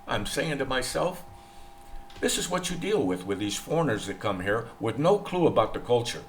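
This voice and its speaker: A man's voice: medium pitch, very animated, moderate pace, slight background noise. A man from the United States, older, talking in a rambling, opinionated vlog monologue and repeating himself. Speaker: vlogger. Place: in the Philippines.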